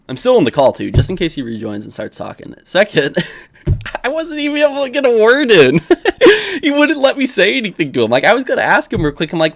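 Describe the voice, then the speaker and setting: A young man talks loosely to his livestream audience at a middle pitch, often breaking into laughter. He rambles and turns defensive when challenged. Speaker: livestream host. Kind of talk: casual livestream commentary.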